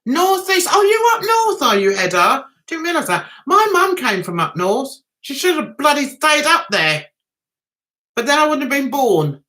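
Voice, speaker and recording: A woman's voice: high voice, big pitch swings, normal speed, pushed and bright. A middle-aged woman from London with a London accent, chatting casually with viewers on a livestream, greeting them by name and reading out their comments. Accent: London English. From London, England. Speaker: livestream host.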